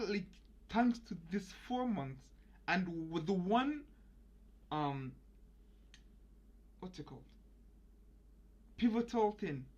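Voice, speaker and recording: A young man chatting casually about his own learning, rambling with many fillers and restarts and sudden excited bursts. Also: a little high. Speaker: language learning vlogger. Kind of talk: casual reflective monologue. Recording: muffled lo-fi audio.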